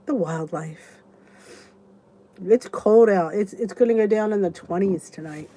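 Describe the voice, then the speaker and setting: A woman's voice: medium pitch, expressive, slow, pauses often, a little mellow. A woman in her fifties hosting a casual live chat, answering viewers by name and rambling in a chatty way with many restarts. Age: 50s. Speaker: YouTube channel host.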